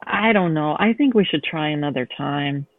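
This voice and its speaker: A woman's voice: low voice, expressive, moderate pace, no echo. A woman reading a novel aloud, voicing a shy young woman who hesitantly turns down an offer. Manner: hesitant, demurring. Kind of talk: read-aloud novel excerpt. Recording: tinny phone-line sound, dry.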